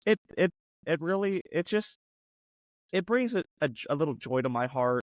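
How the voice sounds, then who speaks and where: A man's voice: a little high, animated, no echo. Fired-up man ranting on a sports podcast. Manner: fired-up, mocking, rapid-fire rhetorical questions. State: losing his voice. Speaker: podcast co-host. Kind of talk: heated sports podcast rant.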